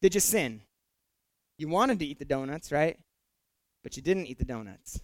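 High-voiced, chatty preacher man. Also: normal speed, no echo. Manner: conversational and jokey, repeats words when excited. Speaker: pastor. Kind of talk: sermon.

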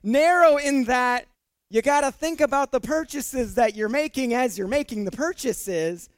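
A man preaching in a conversational, joking way, often doubling his words as he builds a point. His voice sits high for a man and comes through smooth and clear. The recording is dry and close. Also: measured pace, no room sound. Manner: conversational and jokey, repeats words when excited. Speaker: pastor. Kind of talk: sermon.

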